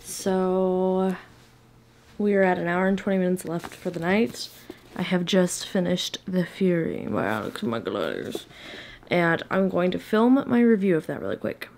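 Chatty low-voiced woman reading vlogger. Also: sing-song, a little slow, vocal fry, darkish tone, a little hiss or hum. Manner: chatty and playful, drops to a whisper at times. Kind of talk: casual vlog chat. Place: home, indoors.

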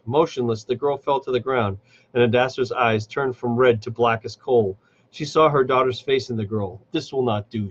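Man, live fantasy novel reading, husky voice, frequent restarts, dull lo-fi sound. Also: mid-range voice. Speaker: reader.

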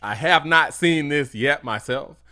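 A man's voice: fairly high pitch, unhurried. A man hosting a political reaction video, talking casually and mockingly with frequent laughs. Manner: animated, mocking, laughs often. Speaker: political commentary host.

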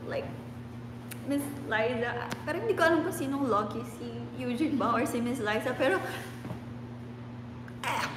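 A young woman with a Filipino accent chatting playfully on a livestream and reading out viewers' comments. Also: on the high side. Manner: playful, giggly, switches between English and Filipino. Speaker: livestream host. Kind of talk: casual live-stream chat reading comments. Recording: echoey room with long reverb and clear background noise.

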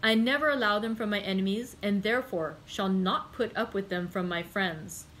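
A woman reading as a calm, wry gentleman. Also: mid-range voice, normal speed, slight background noise, lightly acted, poor audio. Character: composed male journalist, calm and wry.

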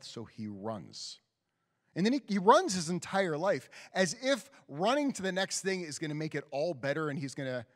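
Man, rabbi, sermon, lively storytelling, swooping pitch, long hall reverb. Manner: storytelling, animated, acts out quoted voices. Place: synagogue sanctuary.

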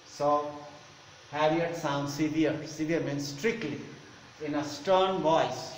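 Slow, high-voiced teacher. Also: male voice, steady tone. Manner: explains word meanings, repeats phrases. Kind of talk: online class, explaining a story. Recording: echoey room with faint noise.

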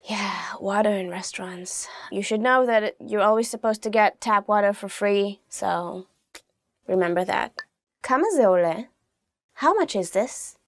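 Young woman, casual language lesson host, chatty, clear slow phrases, dry close sound. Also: medium pitch, no room sound. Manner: chatty, says phrases slowly and clearly, laughs often. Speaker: language teacher, show host.

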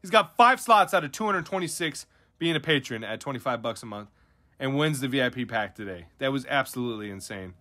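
A young man hosting a card pack opening, talking in an animated, slangy way with lots of "dude" and "bro". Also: medium pitch, fairly quick. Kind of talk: excited live commentary on pack openings. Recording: faint music behind.

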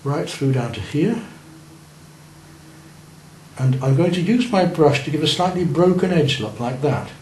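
Pausing often and speaking unhurriedly, a man with an animated, darkish voice on the high side teaches beginners to paint in a classroom. He encourages students and checks their work while working himself. The room is roomy, with faint noise.

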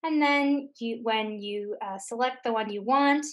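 A woman tech tutor giving a screen-share software lesson, explaining each step patiently. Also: on the high side, measured pace. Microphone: computer mic on a recorded webinar.

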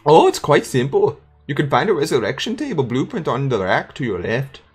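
A woman voicing a polite, gentle male zombie with a put-on German accent, in a higher sing-song voice. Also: sing-song, brisk, husky, faint music behind, heavily acted. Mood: genial. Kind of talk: voicing game dialogue.

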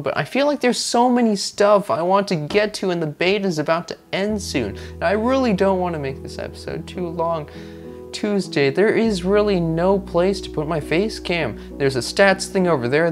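A young man playing a video game and commenting on it, excitable, joking and rambling as he reacts. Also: high voice. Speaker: gaming video host. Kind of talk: let's play commentary.

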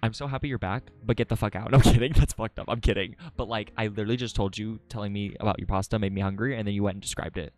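A man live-streaming from his home setup on a desk mic, chatting casually with viewers, playful and swearing, often jumping into high squeals. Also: steady tone, racing, few pauses. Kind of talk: casual chat reading out viewer messages. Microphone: desk microphone.

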